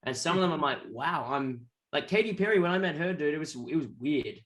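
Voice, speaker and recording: Aussie guy rambling through a story, slightly high voice, keeps doing voices for people he quotes. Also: animated, a little fast, fairly bright tone. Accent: Australian. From Australia. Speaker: guest musician. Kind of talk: casual interview storytelling.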